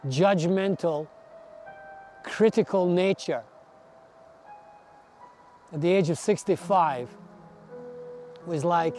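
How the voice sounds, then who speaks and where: A man in his sixties telling his story in an earnest, reflective way, slowing down to stress his words. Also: high voice, a little mellow. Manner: earnest, slow, emphatic. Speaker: adventurer recounting a long walk.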